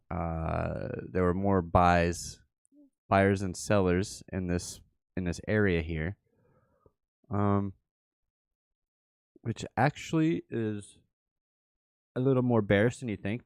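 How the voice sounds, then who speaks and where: A man's voice: sits low, gravelly, no room sound, studio quality. A man hosting a livestream, giving casual live chart commentary and thinking aloud with repeated phrases. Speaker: livestream host.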